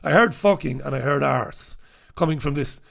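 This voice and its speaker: Middle-aged male host, slightly high voice, blunt, sweary, casual newspaper chat. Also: moderate pace, creaky, fairly bright tone. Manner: blunt, swears freely, chatty asides. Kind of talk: casual opinionated commentary.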